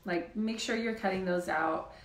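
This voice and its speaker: A woman's voice: mid-range voice, moderate pace, reverberant. Chatty woman hosting a live Q&A. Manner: chatty, says "like" often. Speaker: health show host. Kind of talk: casual live Q&A.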